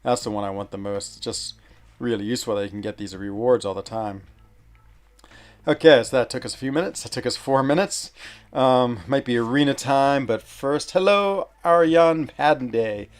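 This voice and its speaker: A man's voice: medium pitch, moderate pace, smooth. A man streaming a mobile game, chatting casually and rambling, often stopping with fillers to search for words. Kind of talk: casual live-stream chat.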